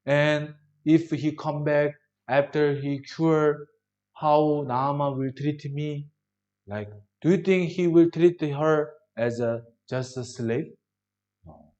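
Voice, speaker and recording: Slow-preaching man in broken English. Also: on the high side, fairly even intonation, lo-fi sound. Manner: broken English, rhetorical questions to the congregation; swings between loud emphasis and soft drops. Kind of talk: sermon.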